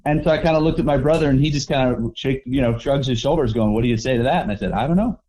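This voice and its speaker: Relaxed man with a dark mellow voice. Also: medium pitch, racing. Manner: relaxed, rambling with restarts and acted-out quotes. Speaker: overland traveler guest. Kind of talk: casual storytelling interview.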